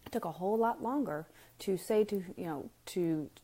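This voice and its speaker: With a dark tone at medium pitch, a woman speaks expressively and at a moderate pace. Her casual live-stream parenting talk is frank and emphatic, full of rhetorical questions, and she addresses viewers head-on.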